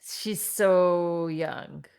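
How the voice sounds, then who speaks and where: A woman co-hosting a podcast, chatting casually about a reality show with quick jokey asides and frequent laughter. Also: on the low side, fairly even intonation, vocal fry, darkish tone, clear, resonant tone. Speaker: podcast co-host.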